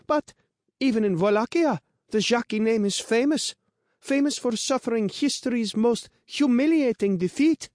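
A haughty, sneering young noblewoman, put on by a male narrator in a storybook reading. The voice sits very high and has a thin, unfamiliar timbre, dripping with mockery. The recording is dry and close. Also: moderate pace, a little mellow, no room sound. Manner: sneering, mocking. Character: smug, spiteful noble teenage girl.

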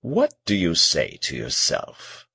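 Man voicing a probing husky confessor. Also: low-pitched, wildly swooping pitch, takes it slowly, bright, forceful tone, no room sound, exaggerated voice. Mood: insistent. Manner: probing, pressing questions. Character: probing, insistent male confessor. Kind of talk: audiobook character reading.

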